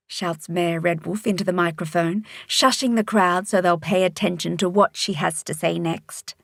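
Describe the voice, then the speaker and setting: A woman reading a children's storybook aloud, narrating calmly and expressively. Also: mid-range voice, unhurried, few pauses, dry recording, studio quality.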